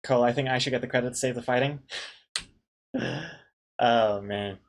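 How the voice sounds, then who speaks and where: Man, casual streamer, jokey, reads chat aloud, laughs a lot, middle pitch. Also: moderate pace, slight background noise. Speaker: streamer reading viewer suggestions.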